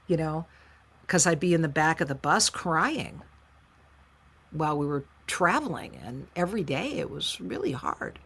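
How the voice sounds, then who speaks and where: Interview guest: middle-aged woman, low voice, candid and emotional, storytelling with quoted voices. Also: normal speed, gravelly, breathy edge. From United States. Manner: frank, emotional, animated retelling with quoted voices. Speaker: interview guest, singer-songwriter.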